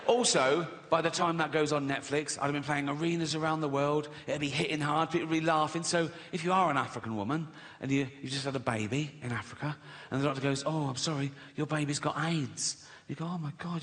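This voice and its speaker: A man in his sixties with an English accent, doing a sardonic stand-up routine and acting out little voices. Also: on the high side. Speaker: stand-up comedian. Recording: live arena reverb, faint noise.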